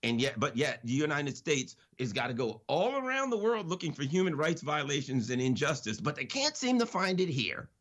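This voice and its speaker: A man's voice: fairly high pitch, big pitch swings, moderate pace, hardly any pauses, fairly bright tone. A man giving impassioned political commentary on radio, preacherly and emphatic, with repeated phrases.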